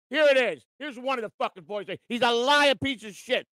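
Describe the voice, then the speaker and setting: A man's voice: very high-pitched, moderate pace, hardly any pauses, sharp tone, no room sound. A man ranting angrily to his viewers, swearing heavily and sounding furious. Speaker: streamer. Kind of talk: angry rant to viewers.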